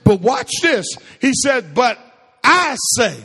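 High-pitched animated preacher man. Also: slow, husky, in a large hall. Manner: call-and-response preaching, asks the congregation questions. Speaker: pastor. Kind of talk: sermon.

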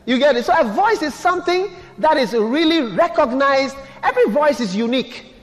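A pastor with a strikingly high voice delivers a sermon, pressing his congregation with repeated questions in an expressive manner at normal speed. His words ring through a large church hall with a long reverb trailing behind.

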